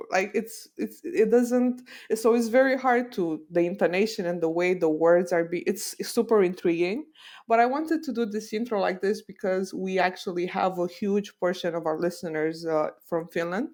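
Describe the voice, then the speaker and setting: A woman's voice: mid-range voice, moderate pace, darkish tone. Cheerful woman podcast host. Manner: cheerful, self-deprecating. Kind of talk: casual podcast chat.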